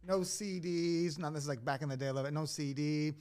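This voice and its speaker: A man hosting a podcast who tells a personal story in casual conversation. He is animated, laughs often and fills his speech with "like". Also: on the high side, fast talker, clean tone.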